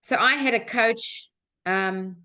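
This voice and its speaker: A woman's voice: on the high side, takes it slowly, sharp tone. Earnest woman telling a coaching story. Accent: Australian. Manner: earnest storytelling with frequent fillers. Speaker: coach and webinar host. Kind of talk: personal development webinar talk.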